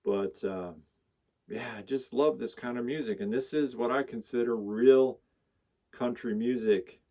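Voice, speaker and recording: A man talking casually about his records at a mid pitch. He rambles along with enthusiasm and stops to list song titles as he goes. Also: steady tone, measured pace, mellow. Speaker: record collector vlogger. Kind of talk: casual chat showing records.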